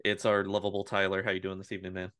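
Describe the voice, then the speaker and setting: A man with a smooth, resonant, lowish voice opens the podcast with a showman-like welcome. He then slips into casual chat with his co-hosts. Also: monotone, racing, a bit bright. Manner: showman-like announcing. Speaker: podcast host. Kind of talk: show introduction and casual chat.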